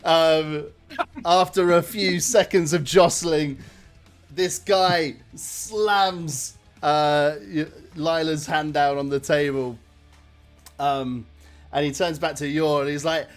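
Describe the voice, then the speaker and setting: Game master man, easygoing narration, somewhat high pitch. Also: fairly even intonation, takes it slowly, soft background music. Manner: casual, lots of fillers, laughs often.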